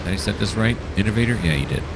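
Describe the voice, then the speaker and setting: Playing a train simulator game, a man rambles through casual commentary, cracking jokes and poking fun at himself. His voice is low and gravelly with lively intonation, he talks very fast, and there's noise in the background.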